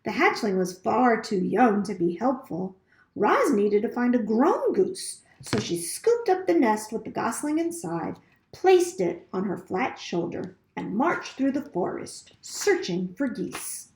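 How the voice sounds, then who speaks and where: A woman reading a children's novel aloud with expressive storytelling. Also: a little high, a little slow, roomy sound, slight background noise. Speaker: reader.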